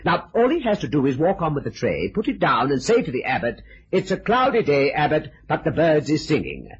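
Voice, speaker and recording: A polite, flustered theatre manager who hesitates and stammers. His voice leaps all over its range and sits a little high. The sound is dull, like a vintage radio recording. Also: wildly swooping pitch, fairly quick. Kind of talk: 1950s radio drama acting.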